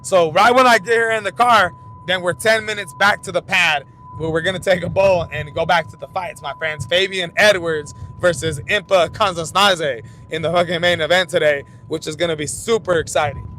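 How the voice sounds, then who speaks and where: At a moderate pace and in a bright, forceful tone, the young man behind a fight commentary channel rambles profanely through stories as he drives. He often restarts, and the car rumbles around him.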